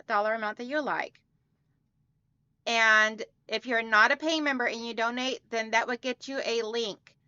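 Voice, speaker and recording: A woman's voice: a little high, bright, forceful tone, clean tone, no room sound. A woman hosting a quilting livestream from home, chatty and upbeat, greeting viewers by name and reading out their comments. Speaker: livestream host of a quilting channel. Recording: dry, slightly dull home recording.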